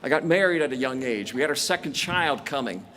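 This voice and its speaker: A man's voice: mid-range voice, expressive, brisk, background noise. A man in his sixties giving a commencement speech, telling stories from his career with self-deprecating jokes. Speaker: commencement speaker. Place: outdoor stadium ceremony.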